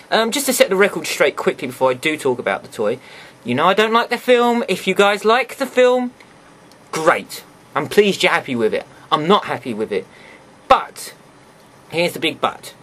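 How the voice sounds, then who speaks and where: A man's voice: sits high, fairly bright tone. A man chatting casually as he reviews a toy for his viewers, full of sarcastic asides.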